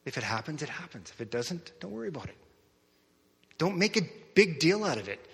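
A man preaching a sermon in a church, telling stories in a conversational, animated way. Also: fairly high pitch, fairly quick, gravelly, slightly rough, big-room sound. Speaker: pastor. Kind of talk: sermon with storytelling.

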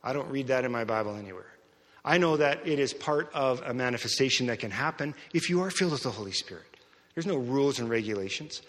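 A man preaching a sermon in a church, telling stories in a conversational, animated way. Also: a little high, big-room sound. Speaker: pastor. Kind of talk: sermon with storytelling.

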